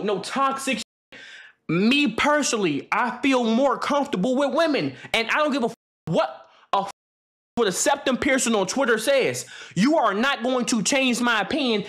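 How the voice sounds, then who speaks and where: High-voiced young man ranting to chat. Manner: animated, slangy and joking, many restarts and impressions. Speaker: streamer. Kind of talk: casual rant to a live stream chat.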